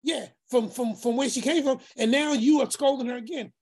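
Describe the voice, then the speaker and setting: Storytelling man, lively voices. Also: extremely high pitch, fairly quick, slightly rough. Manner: animated, acts out voices, repeats phrases; preacherly, speaks of faith. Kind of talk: casual storytelling.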